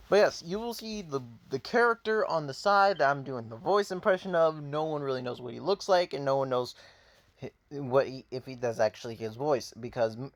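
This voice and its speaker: A man's voice: mid-range voice, gravelly. Chatty guy introducing his own story series, rambling, hesitant, lots of restarts, talking from his bed at home. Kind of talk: casual vlog chat.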